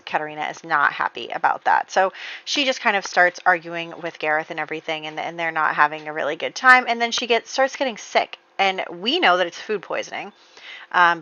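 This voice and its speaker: Narrating her gameplay, this woman recounts the twists of her life-sim game in a chatty, filler-heavy way, cracking up at her own tale. Her voice sits on the low side and sounds pushed and bright, captured in lo-fi quality.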